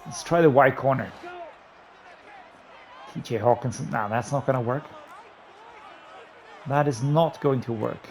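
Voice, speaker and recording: A man giving running commentary while playing a football video game, excitedly talking through his play calls to himself. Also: mid-range voice, a little slow, long pauses, some chatter behind, slight background noise. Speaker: gaming YouTuber. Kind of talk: live gameplay commentary.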